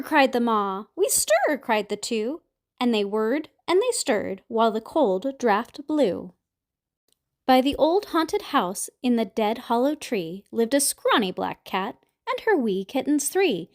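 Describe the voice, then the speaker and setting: A woman reading a rhyming children's picture book aloud in a sing-song way, with squeaky little calls for the creatures. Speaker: storybook reader.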